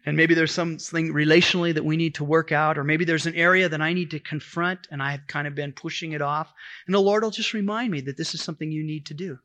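A man's voice: a little high, fairly even intonation, fast talker, pushed and bright. A middle-aged man preaching a sermon in a conversational way, retelling stories with quoted dialogue.

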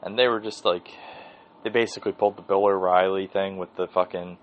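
Low-voiced man rambling profanely as podcast host. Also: steady tone, fairly quick, muffled recording. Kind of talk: casual solo podcast monologue.

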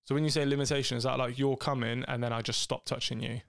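A man co-hosting a casual podcast with his partner, telling jokey, rambling stories. His voice is gravelly with a fry at the ends of phrases. It sits at a middle pitch and is recorded close and dry, with no room sound. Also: steady tone, fast talker, a bit bright, no echo. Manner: joking, rambling storyteller. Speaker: podcast co-host. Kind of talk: casual couple's chat.

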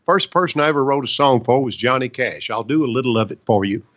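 A man's voice: medium pitch, fast talker, fairly bright tone, lo-fi sound. A man in his seventies, a veteran and songwriter, telling stories in a folksy, chatty way during an interview. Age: 70s. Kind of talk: casual storytelling interview.

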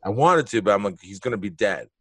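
A man's voice: on the low side, fast, husky, no echo. A man telling a story in casual conversation, swearing freely and acting out the other people's lines. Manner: animated, profane, acts out quotes.

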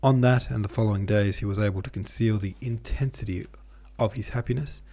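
A man hosting a podcast, reading a classic novel aloud in a steady, measured way. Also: on the low side. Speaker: podcast host and reader.

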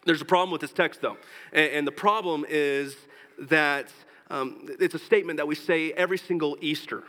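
A man preaching a sermon as pastor, earnest, slowing down for scripture and rising in pitch and force when he exhorts. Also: steady tone, a bit bright, big-room sound, rough recording. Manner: slows down for scripture and tender points.

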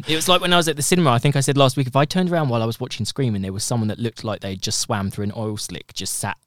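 A man co-hosting a podcast in casual chat, animated and giggly, often slipping into quoted voices. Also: mid-range voice, fast, no room sound, studio quality. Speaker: podcast co-host.

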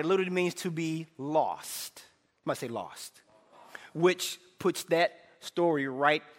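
A middle-aged man preaching a sermon in a church, animated, shouting for emphasis and prompting the congregation to call back. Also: a little high. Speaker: pastor. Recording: echoey hall reverb.

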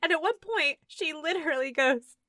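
Animated young-sounding woman ranting about a movie. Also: high-pitched, moderate pace, no echo, studio quality. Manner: animated, laughing, quotes scenes in voices. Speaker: podcast co-host reviewing a movie. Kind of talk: casual chat.

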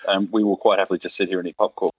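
Bantering Australian man, lowish voice. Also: level tone, racing, no room sound, muffled recording. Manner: bantering, laughs often. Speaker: podcast co-host. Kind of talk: casual podcast chat.

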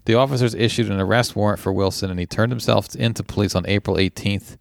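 A man's voice: lowish voice, fairly even intonation, fast talker, creaky, no echo, studio quality. A man hosting a casual podcast, reading news stories aloud and joking about them in a laid-back way. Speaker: podcast host.

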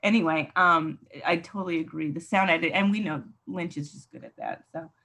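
A woman with a husky, breathy voice hosts a casual podcast chat. She talks loosely, laughs easily and slips into little acted quotes as she recaps scenes. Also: sits low, fairly quick, a bit bright. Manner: chatty, laughs often, acts out quoted lines. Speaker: podcast host.

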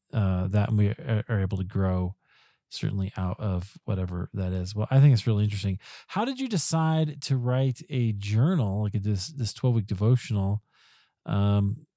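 A man hosting a podcast, with a low and mellow voice recorded dry and close. He thinks aloud, pausing and restarting his sentences as he goes. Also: no echo. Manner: thoughtful, halting speech with frequent restarts. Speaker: podcast host. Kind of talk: conversational interview.

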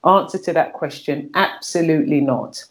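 Middle-aged woman, low voice, blunt and earthy, keeps restarting her sentences. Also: normal speed. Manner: frank and earthy, repeats words while searching for them. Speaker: guest. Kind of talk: candid personal conversation.

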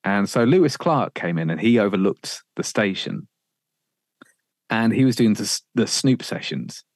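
A man, a radio presenter, telling career stories in a casual podcast chat, animated, swearing freely and laughing often. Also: lowish voice, normal speed, dry recording, studio quality.

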